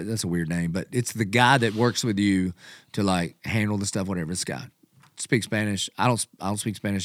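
Lively storytelling pastor, low voice. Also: male voice, dry recording, clean studio sound. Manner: animated storyteller, quotes himself and others. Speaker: pastor and podcast host. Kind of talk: casual storytelling chat.

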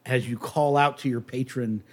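A man's voice: mid-range voice, normal speed, a little hiss or hum. A young man running a tabletop game as game master, talking loosely with many fillers and restarts. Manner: relaxed, hesitant, many fillers.

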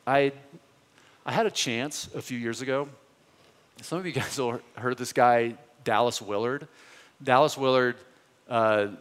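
Man, pastor, earnest conversational sermon, mid-pitched voice, long hall reverb. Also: a bit bright, smooth. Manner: earnest, conversational, rising with emphasis on questions.

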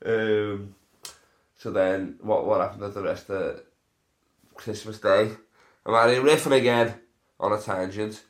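Young guy, stoned, rambling podcast stories, swears a lot, lowish voice. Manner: rambling, laughing, sweary storytelling. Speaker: podcast host. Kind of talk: casual solo podcast chat. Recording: roomy echo.

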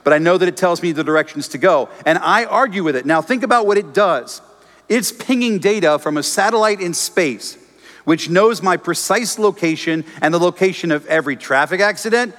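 A pastor preaching a sermon, animated and storytelling, acting out his own prayers and arguments with the crowd. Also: fairly high pitch, big-room sound. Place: church auditorium.

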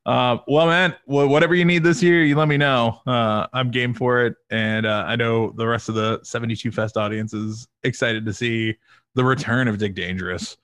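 A man's voice: mid-range voice, fairly even intonation, normal speed, fairly bright tone, smooth, no echo. Man, casual podcast chat, chatty, laughing easily, dry sound.

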